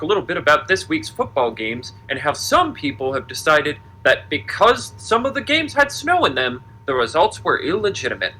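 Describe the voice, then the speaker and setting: A young man co-hosting a podcast, chatting casually in an animated, rambling, profane way. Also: fairly high pitch, moderate pace, few pauses, low-quality recording. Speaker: podcast co-host. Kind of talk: casual chat.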